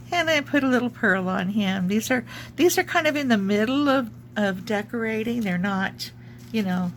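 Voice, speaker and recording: With the hiccups, a woman who makes junk journals gives a casual show-and-tell of her crafts, rambling and filling gaps with lots of ums. Her medium-pitched voice has vocal fry, and there's a slight hiss or hum.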